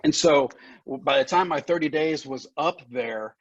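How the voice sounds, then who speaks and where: A man's voice: a little high, normal speed, no room sound. A man speaking as a podcast guest, telling his recovery story candidly with frank, profane language, frequent laughs and moments of emotion. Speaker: guest, recovery center founder. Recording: dull lo-fi podcast audio.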